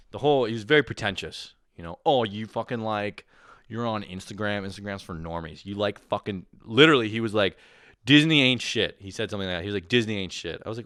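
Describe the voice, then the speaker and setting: A man's voice: clean tone, no echo, studio quality. Crude, sweaty male comedy podcast host. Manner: crude, loud, swings into high mocking voices. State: sweaty and tired after a run. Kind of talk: profane comedic rant.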